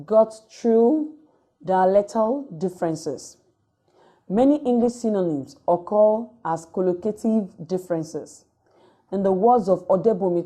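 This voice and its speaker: For a recorded distance-learning lecture, a woman with a mellow, mid-range voice dictates word lists one item at a time in a measured way.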